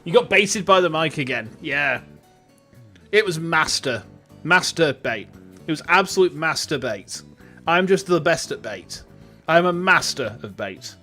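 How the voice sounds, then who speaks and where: Joking young male streamer, bright voice. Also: fairly high pitch, expressive, a little slow, soft background music. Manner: joking, irreverent, talks to chat. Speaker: VTuber streamer. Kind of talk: casual livestream commentary. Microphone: boom mic on a stand.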